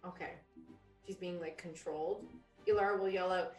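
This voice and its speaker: A woman's voice: on the low side, fairly even intonation, moderate pace, darkish tone, reverberant, distant mic, soft background music. A woman playing a tabletop game, talking hesitantly and thinking aloud as she works out her turn. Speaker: player.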